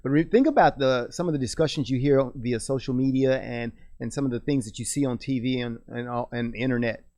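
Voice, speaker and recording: A man's voice: mid-range voice, quick pace, dark tone, no room sound, studio quality. A middle-aged man co-hosting a radio talk show, talking earnestly in a casual discussion with lots of restarts.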